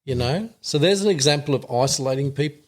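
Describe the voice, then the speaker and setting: A man's voice: medium pitch, animated, quick pace. A middle-aged Australian man, a guest on a podcast, talking casually and earnestly, rambling a bit and laughing easily. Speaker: podcast guest, veterans hunting program founder. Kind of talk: casual chat.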